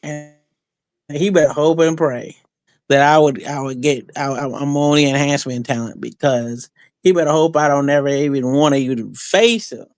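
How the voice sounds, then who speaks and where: On a casual podcast interview, a male wrestler guest boasts and trash-talks loosely, restarting often and using lots of fillers. His voice leans high, his speed is normal, and there's no echo.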